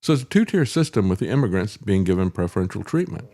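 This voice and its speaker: Sardonic low-voiced male show host. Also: very animated, fast, mellow. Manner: sardonic, chuckling asides, frequent "uh" fillers. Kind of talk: political commentary show.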